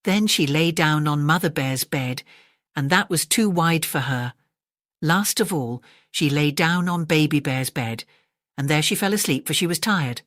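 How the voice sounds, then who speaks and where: Gentle low-voiced English woman narrator. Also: expressive, no echo, clean studio sound. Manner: gentle, measured. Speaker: audiobook narrator. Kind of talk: gentle bedtime story narration.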